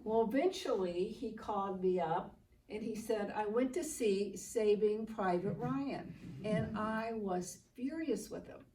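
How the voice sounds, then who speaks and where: Older woman giving a slow, distant ceremony speech. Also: mid-range voice, dark tone. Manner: slow, earnest storytelling with quoted dialogue. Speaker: speaker at a memorial ceremony, daughter of the honoree. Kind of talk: heartfelt speech at a public ceremony. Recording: roomy, distant mic with faint background noise.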